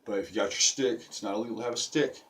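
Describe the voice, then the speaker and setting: A man's voice: on the low side, rapid-fire, a bit bright, a little hiss or hum. A young man casually teaching a stick-fighting move in a video lesson, talking brash and profane. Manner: profane, brash street talk. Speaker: self-defense instructor.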